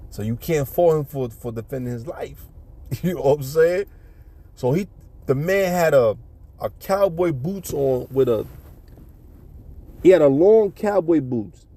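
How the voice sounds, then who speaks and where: A man's voice: on the high side, mellow. A middle-aged man, casually telling a street story and acting out punches with sound effects. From New York City.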